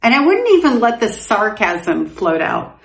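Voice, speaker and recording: A middle-aged woman hosting a podcast, telling her personal story candidly and growing animated, with laughs through painful memories. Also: mid-range voice, a little slow, vocal fry. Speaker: podcast host. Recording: roomy echoing room.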